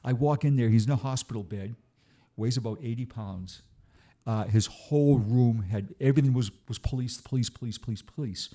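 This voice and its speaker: A man's voice: mid-range voice, moderate pace, mellow. A middle-aged man, a retired police officer, telling stories in a casual chat, often stammering and repeating words. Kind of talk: casual storytelling.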